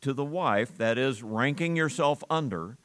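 A male preacher delivering a sermon at an unhurried, measured pace. He lands his points with earnest emphasis, pausing and restarting as he goes, and his voice sits in an ordinary middle register. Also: mid-range voice, expressive, fairly bright tone, clear, resonant tone. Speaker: pastor.

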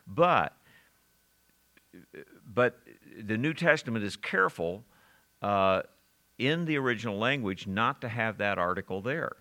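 A man's voice: fairly low pitch, bright, forceful tone. A man teaching the Bible verse by verse, talking conversationally and asking his listeners questions as he goes. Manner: conversational, with frequent restarts and audience questions.

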